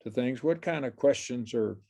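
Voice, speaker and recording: A man's voice: mid-range voice, normal speed, gravelly, mellow. An older man giving an informal Bible class lecture, rambling with many fillers and restarts and chuckling often.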